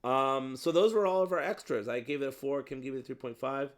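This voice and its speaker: A man's voice: mid-range voice, brisk. A man co-hosting a casual movie review chat, rambling with lots of ums and some playful swearing. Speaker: podcast co-host.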